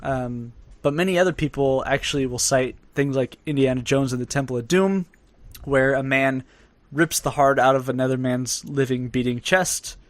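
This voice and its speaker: A young man co-hosting a podcast, talking in a loose, rambling way that breaks into laughter now and then. His voice sits at a middle pitch, close and dry on the mic with no room sound. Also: normal speed, no room sound. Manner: chatty, rambling, laughs often. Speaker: podcast co-host. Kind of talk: casual podcast chat.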